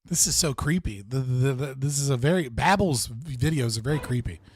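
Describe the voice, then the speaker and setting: A man hosting a live stream reacts bluntly and casually, swearing and laughing as he answers his chat. His mid-range voice moves fairly quickly over soft background music.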